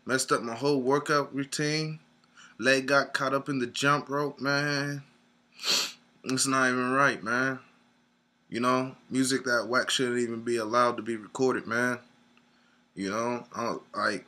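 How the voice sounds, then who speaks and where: A man's voice: mid-range voice, steady tone, measured pace, bright, forceful tone. Whiny rambling man on the verge of tears. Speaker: comedic sketch performer. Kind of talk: mock-serious video rant.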